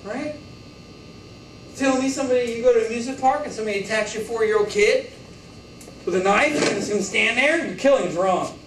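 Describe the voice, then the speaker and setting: A man with a high-pitched voice lectures a college class, joking and firing rhetorical questions at his students. He is recorded from across an echoey classroom. A faint hiss sits under his voice. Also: animated, normal speed, pauses often, recorded from a distance. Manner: joking, rhetorical, acts out quotes. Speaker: college instructor.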